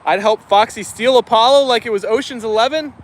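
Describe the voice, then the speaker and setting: A man's voice: very high-pitched, fairly quick. A man hosting a dog livestream outdoors, reading viewer comments aloud in a casual, friendly way. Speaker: dog channel livestream host. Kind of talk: casual live-chat reading. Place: outdoors with dogs.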